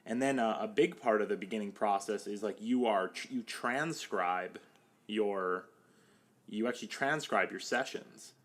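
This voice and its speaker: A man's voice: fairly low pitch, measured pace, fairly bright tone. A young man, a psychotherapist, talking casually on a podcast, with many "like" fillers, and slipping into quoted voices now and then.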